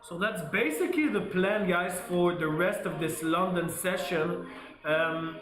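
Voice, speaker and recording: Male stream host, bright forceful voice, lively trading commentary, echoey room with faint music behind. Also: sits high, a little slow. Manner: energetic, repeats "guys", laughs often.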